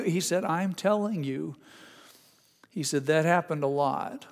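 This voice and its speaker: A man preaching a sermon as pastor, halting and repeating words, then rising to emphatic, higher passages. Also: big-room sound.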